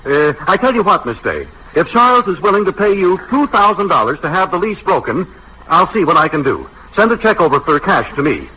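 An actor playing a wisecracking, harried young husband who trades wry, quick jokes in 1940s radio comedy. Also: male voice, high-pitched, very animated, slightly rough, heavily acted. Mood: scheming. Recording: old radio broadcast recording, dull with faint hiss.

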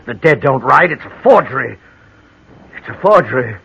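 A guilt-ridden, frightened murderer, jittery and melodramatic, his voice swooping wildly up and down. The tone is fairly high and gravelly. It is a dull, lo-fi old radio recording with a faint hiss. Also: big pitch swings, moderate pace, fairly bright tone. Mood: frantic, defiant. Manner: jittery, melodramatic, swinging between fear and rage. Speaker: radio drama actor. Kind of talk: 1940s radio acting.

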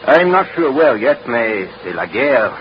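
A gracious French captain. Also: male voice, mid-range voice, sing-song, measured pace. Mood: courtly. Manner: formal, gracious, philosophical. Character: courteous French artillery captain, middle-aged man. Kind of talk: old radio drama acting. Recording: dull old radio recording with faint hiss.

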